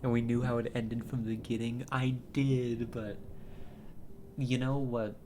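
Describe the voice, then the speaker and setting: A man's voice: medium pitch, flat delivery, a little slow, background noise. A man giving casual, emotional let's-play commentary into a headset, chatting and laughing often as he reacts to the game. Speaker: game streamer.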